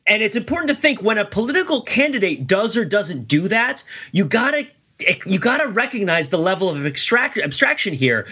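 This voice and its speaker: A man's voice: high-pitched, very animated, brisk, sharp tone, slightly rough, lo-fi sound. A man on a podcast panel, talking emphatically and tagging his points with "right?", who says he is losing his voice. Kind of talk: casual podcast discussion.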